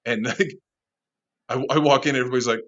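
Man guest, bar manager, animated storyteller, laughs and swears, muffled lo-fi sound. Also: medium pitch, fast. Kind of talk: casual storytelling.

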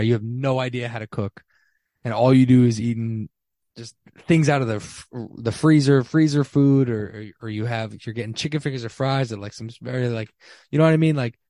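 Twenties guy doing a solo podcast, blunt and slangy, keeps restarting, average pitch, dry close sound. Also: a little mellow, dry recording. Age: 20s. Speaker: podcast host. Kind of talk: casual solo podcast chat. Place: small apartment.

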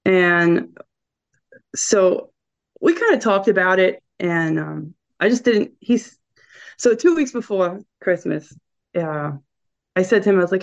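A woman's voice: fairly low pitch, a little slow, long pauses. A woman guest with a regional American accent telling a story in casual chat, laughing and acting out quotes. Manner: chatty, laughing, quotes people in lively voices. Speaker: podcast guest. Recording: dull lo-fi sound.

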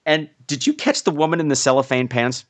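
A podcast co-host chatting casually about a film and acting out quoted lines in an animated way. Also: medium pitch, fairly quick.

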